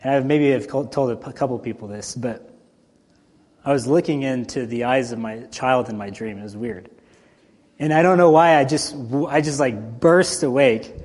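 A man's voice: mid-range voice, moderate pace. Man preaching in a reverberant hall. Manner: conversational and animated, with sudden loud and soft swings. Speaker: pastor. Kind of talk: sermon.

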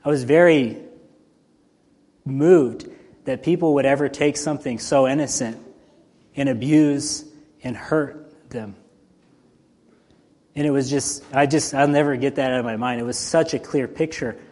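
A male pastor giving a conversational, animated sermon, swinging between loud and soft. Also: medium pitch, unhurried, pauses often. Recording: long hall reverb.

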